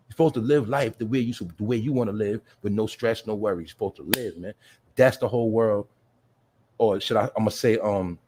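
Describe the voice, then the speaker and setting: A man hosts a livestream show, chatting casually in street slang, swearing a lot, repeating his points, and calling his listeners "y'all" and asking "you feel me." His voice is lowish, a little mellow, and husky.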